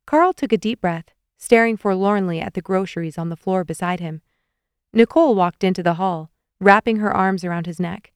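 A woman's voice: medium pitch, animated, normal speed, clean tone, dry recording, clean studio sound. A young adult woman reading a novel aloud as an audiobook narrator, giving the characters small shifts in voice. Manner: reads dialogue with light shifts for each character. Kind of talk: scripted narration.

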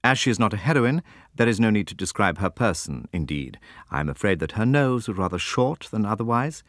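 Deep-voiced guy reading an old novel aloud, lots of ups and downs, dry close mic. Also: no echo. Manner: measured, expressive storytelling. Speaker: audiobook narrator. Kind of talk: scripted narration of a classic novel.

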